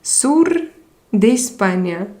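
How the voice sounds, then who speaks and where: Slow-talking woman streamer. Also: medium pitch, big pitch swings, warm tone. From Russia. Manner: reads viewer comments aloud and answers them. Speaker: live stream host. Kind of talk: casual live chat reading comments.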